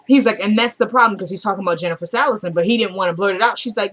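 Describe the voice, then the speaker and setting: A woman's voice: mid-range voice, very fast, hardly any pauses. A woman talking casually as she recaps a TV drama episode. She retells each scene by quoting the characters in a loose, chatty way. Her voice sits in an ordinary middle range.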